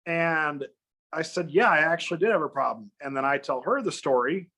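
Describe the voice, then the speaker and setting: A man telling a long personal story in casual chat, animated and acting out other people's lines in raised voices. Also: fairly high pitch, moderate pace. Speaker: guest.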